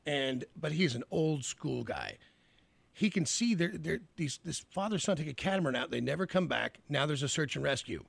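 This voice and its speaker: A man's voice: on the high side, lively intonation, normal speed, vocal fry, husky, dry recording. A male radio host telling a story in a casual, rambling way, trailing off and starting over.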